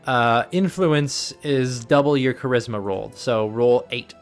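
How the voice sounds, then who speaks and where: A man's voice: medium pitch, measured pace, soft background music. A man running a tabletop game as game master, rambling and laughing as he corrects himself.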